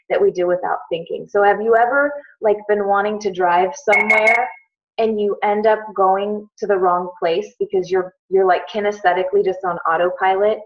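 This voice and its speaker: A middle-aged woman talking casually to her team, telling a story with many fillers and restarts. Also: medium pitch. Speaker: team leader on a call. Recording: muffled lo-fi call audio.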